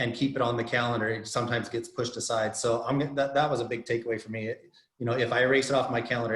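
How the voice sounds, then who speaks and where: Friendly male host on a video call, mid-pitched, some room echo. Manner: friendly, halting with fillers. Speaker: meeting host. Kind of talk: casual video-call chat. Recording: echoey room.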